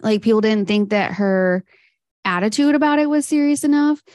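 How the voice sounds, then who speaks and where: A woman's voice: on the high side, lively intonation, moderate pace, a little mellow, no room sound, studio quality. A woman co-hosting a podcast, recounting a life story in a casual, chatty way with fillers. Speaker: podcast co-host. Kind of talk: casual history chat.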